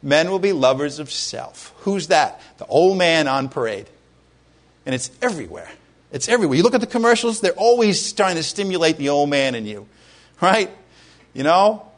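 A pastor preaching a sermon in a conversational way, asking his congregation questions and rising to loud exclamations. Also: on the high side, sing-song, moderate pace.

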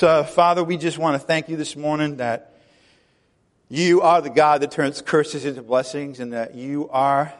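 A man preaching a chatty sermon as pastor, laughing often and acting out quoted voices. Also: medium pitch. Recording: long hall reverb.

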